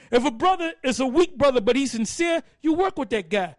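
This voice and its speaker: Brief: man with an extremely high voice, salty forum speaker, dry close sound. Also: fairly quick, no echo. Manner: profane, animated storyteller acting out quotes. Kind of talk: casual open-forum talk.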